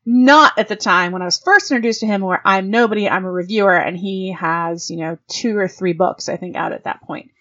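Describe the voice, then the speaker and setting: A woman in her forties hosting her own podcast, telling stories in a frank, profane, animated way and swinging her voice up high for the reactions she quotes. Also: fairly quick, few pauses, lo-fi sound. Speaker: podcast host. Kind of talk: casual monologue podcast.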